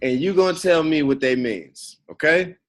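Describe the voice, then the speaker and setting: A man's voice: a little high, normal speed. A man hosting a podcast over a video call, teasing his guest in playful, profane banter. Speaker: podcast host.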